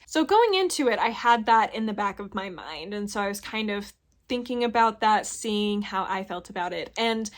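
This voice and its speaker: A young woman chats through her thoughts on a book she has read. She rambles frankly and leans on filler words, and her voice sits at an average pitch. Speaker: book reviewer. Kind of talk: casual book review chat.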